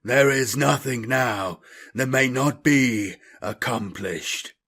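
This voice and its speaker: Man as a cold traitor captain: gravelly, slow, measured. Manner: slow, measured, low and quiet delivery.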